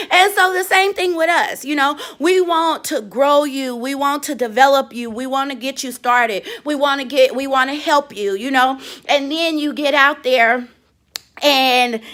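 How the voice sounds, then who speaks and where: A woman who runs a trucking company, talking casually and emotionally to camera, chatty and expressive with many asides. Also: high voice. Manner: emotional, expressive, swings into loud laughing and crying retellings; chatty, lots of "you know". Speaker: trucking company owner and trainer. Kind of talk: casual motivational talk to camera.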